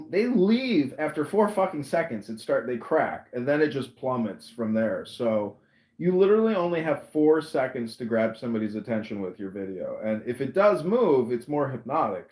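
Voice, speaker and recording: A man's voice: mid-range voice, a little mellow, echoey room. Brash, profane man hosting a voice chat. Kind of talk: casual chat.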